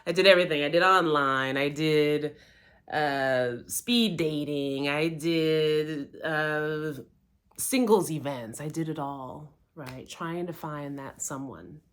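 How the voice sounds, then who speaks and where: A woman's voice: low voice, slow, fairly bright tone. A middle-aged woman, a life coach, candidly telling a personal story with lots of quoted self-talk.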